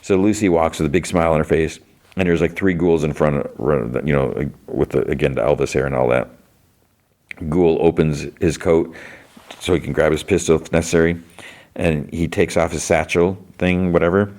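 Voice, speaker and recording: A man's voice: extremely low pitch, fairly even intonation, moderate pace, a little mellow. A man hosting a podcast, recapping an episode in a loose, rambling way and filling his talk with "like.". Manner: rambling, heavy use of "like". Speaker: podcast host.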